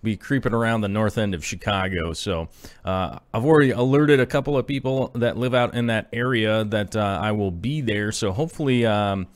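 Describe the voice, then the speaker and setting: A man in his thirties chats casually on a live stream, wandering from point to point with plenty of ums and uhs. His voice sits fairly low and is recorded close and dry, with no room sound. He reads viewer messages aloud as he goes. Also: normal speed, no echo. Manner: rambling, filler-heavy, reads chat aloud. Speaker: aquarium channel host.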